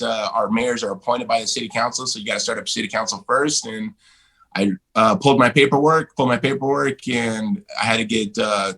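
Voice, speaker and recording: A man in his forties, a guest in a casual interview, telling stories in a blunt, animated way and swearing freely. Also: mid-range voice, gravelly, low-quality recording.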